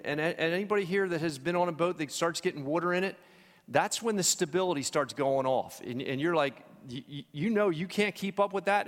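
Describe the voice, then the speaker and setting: A man teaching a church Bible study, telling stories in an animated way with frequent restarts and personal asides. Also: mid-range voice. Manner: animated storytelling, many restarts, personal testimony. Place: church hall. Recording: long hall reverb.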